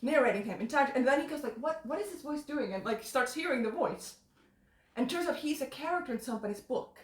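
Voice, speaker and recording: A high-pitched woman chatting loosely on a live stream, rambling and laughing between thoughts. She sounds like she is in a kitchen with hard, echoing walls. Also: expressive, quick pace. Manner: rambling, laughing often, restarts. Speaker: stream host. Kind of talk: casual chat. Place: home kitchen. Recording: echoey room.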